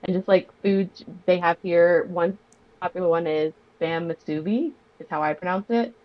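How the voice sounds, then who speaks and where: A woman's voice: lowish voice, fairly even intonation, normal speed. Chatty woman guest on muffled lo-fi audio. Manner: chatty and enthusiastic. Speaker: podcast guest. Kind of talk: casual chat.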